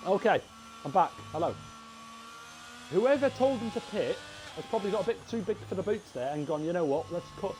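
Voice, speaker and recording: A young Englishman calls a live sim race in a bright, high voice, chatty and quick to get excited. He talks straight to his viewers as mates. A faint hiss of noise sits behind him. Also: low-quality recording. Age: young adult. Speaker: race commentator. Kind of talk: live sim racing commentary.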